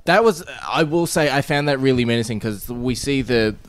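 A man's voice: medium pitch, moderate pace. A man co-hosting a casual film review podcast, retelling scenes in a loose, swearing, offhand way.

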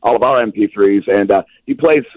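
A man, a musician calling in to a radio show, talking in a relaxed, rambling way with lots of fillers. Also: fairly low pitch, a little fast, dull audio, very noisy. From Western North Carolina. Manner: laid-back, rambling with many uh fillers. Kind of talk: casual phone interview.

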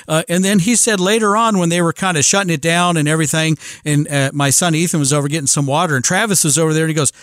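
A middle-aged man hosts a radio program in an easygoing, rambling way, full of fillers and restarts. His voice sits a little high for a man, recorded dry and close in a studio. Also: quick pace, hardly any pauses, a bit bright, no room sound. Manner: chatty, many restarts and fillers. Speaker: radio show host. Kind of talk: casual radio talk.

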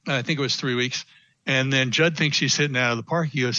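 A business consultant appears as a guest on a radio interview, briskly telling animated stories and acting out what people said. His voice is medium-pitched; the audio has no echo but the highs are cut off.

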